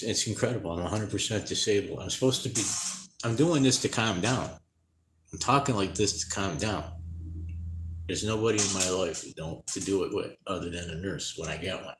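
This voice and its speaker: A tired man talking to camera in a halting, rambling, distressed way, with many restarts. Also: low voice, a bit bright, a little hiss or hum. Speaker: vlogger. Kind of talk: unscripted personal vlog to camera. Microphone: camera mic. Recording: roomy echoey room.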